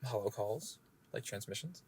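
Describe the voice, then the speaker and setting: Young man with a lively, jokey voice. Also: on the low side, normal speed, a little hiss or hum. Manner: laughing, joking, trails off mid-sentence. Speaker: podcast co-host. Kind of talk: casual chat.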